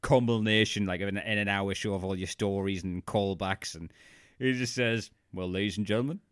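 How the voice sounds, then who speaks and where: A man's voice: on the low side, moderate pace, a bit bright, smooth, no room sound, clean studio sound. A man co-hosting a casual podcast chat, blunt and swearing freely. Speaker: podcast co-host.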